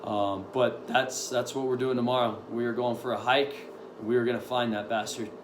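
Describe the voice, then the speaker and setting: A man's voice: medium pitch, steady tone, moderate pace. A man coaching at a gym, giving a casual, upbeat update and workout briefing with lots of ums. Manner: upbeat, rambling with many ums. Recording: echoey room with faint noise.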